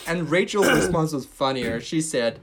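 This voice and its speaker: Male podcast host, slightly high voice, upbeat, playful, laughs a lot, casual chat. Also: lively intonation, normal speed, a bit bright.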